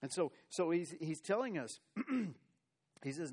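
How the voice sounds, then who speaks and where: A man's voice: on the high side, big pitch swings, takes it slowly, a little mellow, slightly rough. Man preaching with rising intensity. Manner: preaching with rising and falling intensity, quoting scripture. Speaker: pastor. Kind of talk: sermon.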